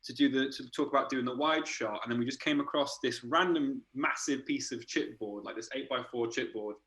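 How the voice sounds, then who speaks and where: A man, an art director, casually telling animated stories in a podcast chat, laughing and swearing as he goes. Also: medium pitch, poor audio.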